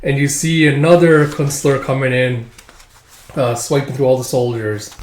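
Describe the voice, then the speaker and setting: A man casually reading through a manga aloud, excitable and animated, acting out the lines. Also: mid-range voice, normal speed, roomy sound. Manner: excitable, laughs often, acts out lines. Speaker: comic reader and commentator.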